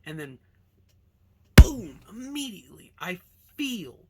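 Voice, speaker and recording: A man's voice: high-pitched, very animated, slow pace, vocal fry, heavy background noise. A young man from Alaska casually telling a rambling childhood story with lots of fillers and swearing. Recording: music playing behind.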